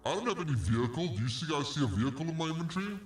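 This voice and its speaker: A man's voice: on the high side, sing-song, very fast, husky. Exasperated swearing game streamer man. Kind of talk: live gameplay commentary.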